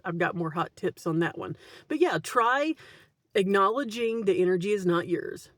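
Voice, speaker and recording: A woman's voice: lowish voice, no echo. A woman vlogger giving casual spiritual advice to camera in a blunt, swearing way, often tagging "right?" onto her sentences. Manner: blunt, swears freely, keeps adding "right?".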